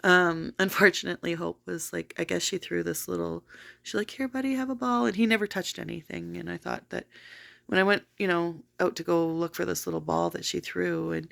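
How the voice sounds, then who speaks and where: A woman's voice: fairly low pitch, level tone, moderate pace, vocal fry, fairly bright tone. A woman telling a long personal story in a casual vlog, rambling with many fillers. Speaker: vlogger.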